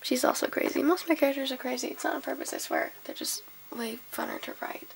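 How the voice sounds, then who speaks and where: A young woman vlogger, sick and hoarse, chatting in a rambling, scattered way and giggling as she loses her train of thought. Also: high-pitched, huge pitch swings, fast talker, in a whisper, poor audio. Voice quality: gravelly. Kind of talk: casual chat.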